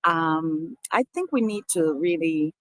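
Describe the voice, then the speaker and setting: Low-pitched yet fairly bright in tone, this expressive woman vlogger speaks slowly and earnestly to camera, addressing her viewers as people. She's emphatic and often repeats or restarts phrases in casual talk. The audio has no echo but is poor.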